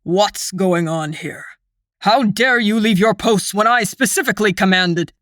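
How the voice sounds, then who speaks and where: A woman's voice: mid-range voice, unhurried, fairly bright tone, no room sound, studio quality, close to an everyday voice. Woman putting on a furious commanding lord. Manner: commanding, barking. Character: stern, furious older lord with a beard.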